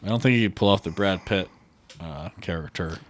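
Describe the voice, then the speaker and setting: A man's voice: deep voice, a little fast, a little hiss or hum. A man co-hosting a podcast, talking in a laid-back way with lots of "like" and "you know". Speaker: podcast co-host. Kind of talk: casual chat.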